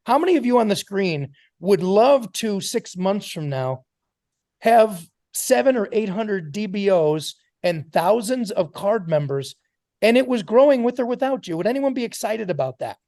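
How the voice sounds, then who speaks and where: A man's voice: high voice, sing-song, moderate pace, dark tone, no room sound, studio quality. A man giving an emphatic motivational talk to a sales team on a video call, calling on listeners by name.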